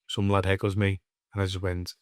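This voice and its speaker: Podcast comic, deeper voice, animated storyteller, heavy swearing, dry sound. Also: male voice, a little fast, dry recording. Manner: swears constantly, animated anecdotes. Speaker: comedian podcast co-host. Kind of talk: casual storytelling chat.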